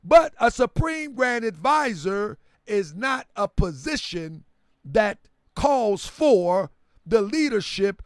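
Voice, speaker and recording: A man giving a live-streamed lecture with an emphatic, preaching delivery that drops into quiet asides. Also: high voice, big pitch swings, takes it slowly, clean tone, no room sound, studio quality.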